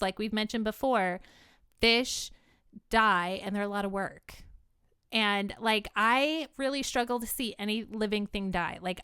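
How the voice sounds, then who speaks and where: A woman's voice: a little high, a bit bright, smooth, dry recording, clean studio sound. A woman co-hosting a podcast, talking casually and giving opinions in a rambling way with many restarts. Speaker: podcast co-host. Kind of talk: casual chat.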